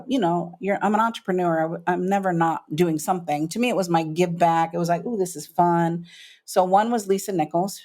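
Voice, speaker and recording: A middle-aged woman, a business coach, telling her story as a guest on an interview podcast, emphatic and acting out what people said. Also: on the low side. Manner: animated storyteller, acts out quoted voices, emphatic.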